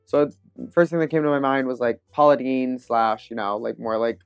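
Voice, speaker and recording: A woman guest on a podcast, telling stories with confident, animated energy. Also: extremely low pitch, clean tone, no room sound, clean studio sound, faint music behind. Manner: animated, confident, quick laughs. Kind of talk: casual interview storytelling.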